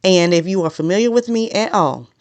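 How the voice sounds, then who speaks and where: A woman delivers a solo podcast monologue in a smooth, clear voice, recorded close and dry. She talks straight to her audience without sugarcoating. She deliberately keeps her pace measured even though she naturally tends to speak fast. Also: medium pitch, no room sound. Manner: direct and no-nonsense, consciously slowing a naturally fast delivery. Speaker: podcast host.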